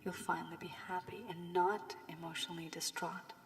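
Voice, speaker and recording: Woman, tarot reader, lowish voice, worn from illness, soft half-whispered advice, long reverb, faint hiss. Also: little pitch movement, a little fast.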